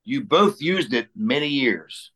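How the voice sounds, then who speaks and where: A man co-hosts a podcast and reads out a listener's question in a loose, joking way. His pitch rises and falls with plenty of life. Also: expressive, takes it slowly, fairly bright tone. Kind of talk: casual podcast chat.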